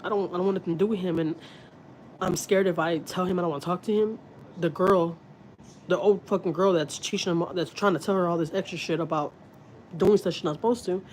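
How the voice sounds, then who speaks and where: A woman's voice: fairly low pitch, slight background noise. A woman from Texas, a mother, talking candidly on a livestream in a rambling, profane way with many restarts. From Houston, Texas. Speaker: mother livestreaming to her channel.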